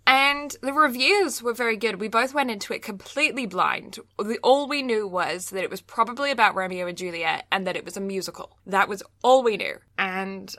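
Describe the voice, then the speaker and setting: A woman's voice: mid-range voice, normal speed, bright, forceful tone, no echo, clean studio sound. A young woman co-hosting a casual podcast chat, ranting with lots of fillers and laughs. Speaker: podcast co-host.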